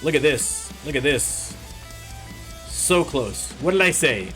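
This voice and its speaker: A man's voice: fairly high pitch, lively intonation, slow, faint music behind. A young Canadian man hosting a casual let's-play, rambling and joking as he plays. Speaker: gaming channel host.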